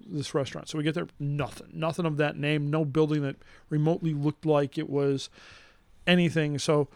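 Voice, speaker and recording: Man, middle-aged, casual storyteller, slightly high voice, dry sound. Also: vocal fry, dry recording. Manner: rambling, animated storytelling with restarts and acted-out quotes. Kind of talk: casual chat.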